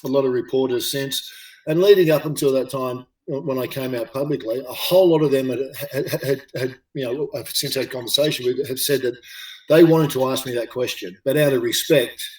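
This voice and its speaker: A middle-aged Australian man telling a story in an interview, halting and full of fillers and repeated words. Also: medium pitch. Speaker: interview guest, former rugby league player. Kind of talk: casual chat, storytelling. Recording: roomy, distant mic.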